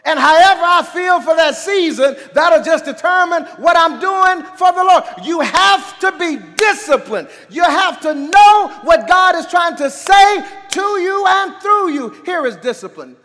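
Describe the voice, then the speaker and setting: A man with a very high voice preaches a sermon, rising into shouts and dropping back to near-conversational lows. He keeps calling on the congregation to answer him. His voice rings through a church with a long echo. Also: lively intonation, a little slow, hardly any pauses. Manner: call-and-response preaching, swinging from quiet to shouting. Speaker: pastor.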